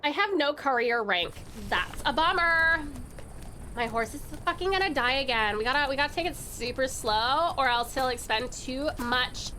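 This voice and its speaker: A woman's voice: sits high, expressive, normal speed, sharp tone, slight background noise. A young woman streaming a game, chatting with her viewers, giggling often and swearing freely. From Tasmania, Australia. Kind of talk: casual game-stream commentary.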